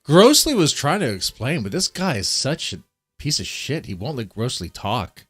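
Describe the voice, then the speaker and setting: A man's voice: medium pitch, very animated, normal speed, a bit bright, husky. Incredulous man reacting on stream. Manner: incredulous, mocking asides. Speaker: streamer host. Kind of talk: live reaction commentary.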